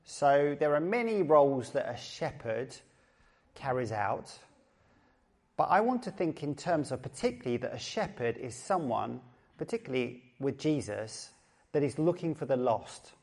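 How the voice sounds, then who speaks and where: A man's voice: medium pitch, sing-song, normal speed, a little mellow. A middle-aged man with an Essex accent preaching a sermon as a pastor, chatty and joking, often repeating his phrases. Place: church service.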